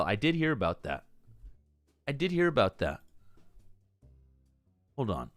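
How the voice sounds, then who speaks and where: A man hosting a casual live stream, rambling and excitable with frequent swearing. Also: fairly high pitch, a little slow, pauses often, dry recording, faint music behind. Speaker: streamer host.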